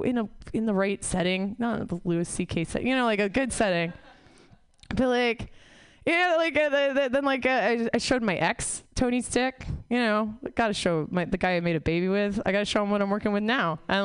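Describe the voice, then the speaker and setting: Stand-up woman, crude and self-deprecating, smooth, dry close sound. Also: a little high, no room sound. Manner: profane, rambling, self-mocking. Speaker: stand-up comic. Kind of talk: stand-up set. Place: comedy club stage.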